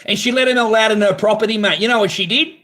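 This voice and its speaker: A man's voice: sits high, fast, fairly bright tone. A man hosting a live stream from his garage on a phone camera, talking casually in a blunt, profane, ranting way. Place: home garage.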